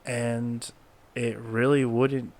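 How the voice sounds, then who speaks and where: Slow, measured male narrator. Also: medium pitch, level tone, a little mellow. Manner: measured, deliberate. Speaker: video narrator. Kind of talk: commentary narration.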